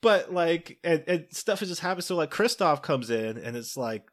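A man's voice: a little high, animated, moderate pace. A man in casual podcast talk, comparing a book and its film in a loose, rambling way. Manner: rambling, restarting thoughts, sporadic laughs. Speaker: podcast co-host or guest. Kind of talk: casual movie discussion.

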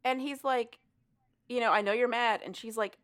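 A woman's voice: on the high side, steady tone, a bit bright. A woman chatting casually with a friend, retelling a story and briefly quoting the characters in it. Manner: casual, profane, acts out characters in quick quotes.

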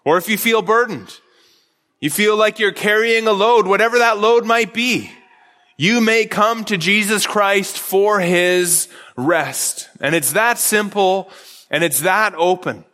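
A man's voice: high voice, measured pace, sharp tone, long reverb tail. A man preaching a sermon as pastor, earnest, often repeating phrases and restarting with stammers.

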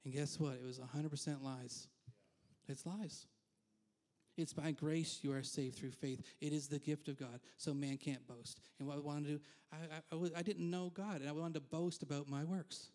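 Brief: male pastor, fairly high voice, candid chatty sermon with asides. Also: steady tone, moderate pace, a little mellow. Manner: candid, self-deprecating, frequent asides. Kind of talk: conversational sermon.

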